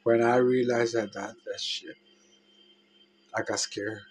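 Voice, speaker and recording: A man telling a personal story in a halting, emotional way, with many restarts and trailing phrases. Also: mid-range voice, steady tone, breathy edge, poor audio.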